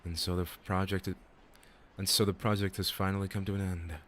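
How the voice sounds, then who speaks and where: A man's voice: low voice, little pitch movement, fairly quick, a little hiss or hum. A man giving a solemn, theatrical reading of game dialogue as a voice actor.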